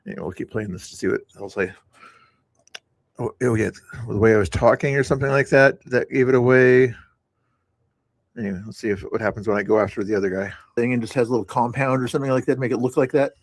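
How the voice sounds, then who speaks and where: A man's voice: medium pitch, quick pace, no echo. A man reviewing his own stream, talking casually in a rambling way, repeating words and restarting sentences, with sarcastic asides. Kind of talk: casual commentary over stream playback.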